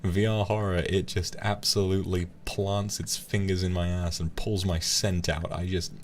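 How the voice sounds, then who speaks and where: A man's voice: deep voice, level tone, moderate pace, background noise. A man chatting casually to his stream viewers in a rambling, playful way, often laughing.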